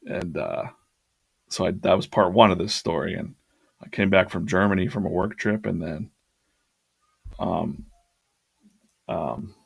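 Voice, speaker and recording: A man's voice: deep voice, measured pace, gravelly, long pauses, husky, no room sound. A man hosting a live drawing stream, telling a long anecdote in a casual, rambling way with lots of fillers and restarts.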